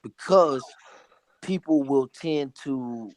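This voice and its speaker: A man talking as a guest in a casual chat, making his points in a deliberate, reasoned way. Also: mid-range voice, a little mellow, no room sound.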